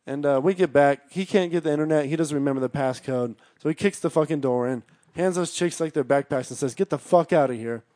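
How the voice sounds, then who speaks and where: A man telling a long story in casual chat, rambling, swearing constantly, and shouting out the lines of the people he quotes. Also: on the high side, brisk, no echo, clean studio sound. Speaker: storyteller guest.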